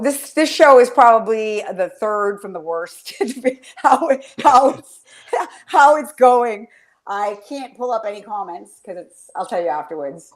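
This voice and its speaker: A woman hosting a casual fan chat, rambling and swearing with enthusiasm, often trailing off mid-sentence. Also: medium pitch. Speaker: podcast host.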